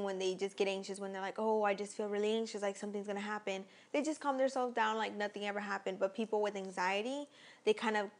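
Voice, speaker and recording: A young woman vlogger telling a personal story in a casual, rambling way, full of fillers and restarts. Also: mid-range voice.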